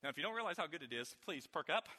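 A man preaching a sermon as pastor, swinging between loud emphatic lines and hushed, quiet ones. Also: on the high side, big pitch swings, very fast, breathy edge, in a large hall.

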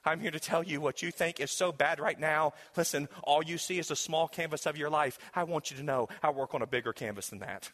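A preacher voicing a gentle, comforting man. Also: on the high side, fairly quick, few pauses, pitched below the performer's own voice. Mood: tender. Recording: long hall reverb.

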